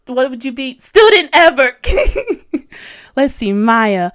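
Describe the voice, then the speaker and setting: Giggly high-voiced woman in her thirties. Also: big pitch swings, slow pace, long pauses, a bit bright. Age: 30s. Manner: bubbly, giggly, self-deprecating, rambling. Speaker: webcomic artist streaming a tutorial. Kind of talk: casual livestream chat, reading comments.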